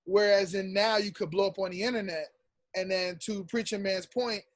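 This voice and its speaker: A high-voiced man talks in a slangy, teasing way during a casual podcast debate, breaking into laughter often. His voice is close and dry, with no room sound. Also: fairly even intonation, moderate pace, dry recording. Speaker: podcast co-host.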